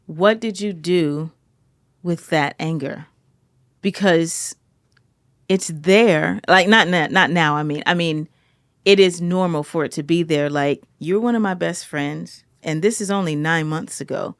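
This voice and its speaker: A woman's voice: on the low side, a little slow, no room sound, studio quality. A woman talking as the expert guest on a podcast, asking probing questions and affirming the answers. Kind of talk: casual podcast chat.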